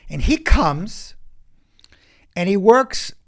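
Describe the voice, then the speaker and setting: A man with a slightly high voice coaching through stories on a podcast. He talks in emphatic, quick bursts and often restarts a thought mid-sentence. His delivery stays animated and forceful. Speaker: acting coach, podcast guest. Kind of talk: animated interview storytelling.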